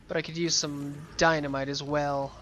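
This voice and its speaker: Bright-voiced man chatting through gameplay. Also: on the high side, flat delivery, normal speed, a little hiss or hum. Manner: chatty, playful, rambling. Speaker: let's play gamer. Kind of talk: casual gameplay commentary.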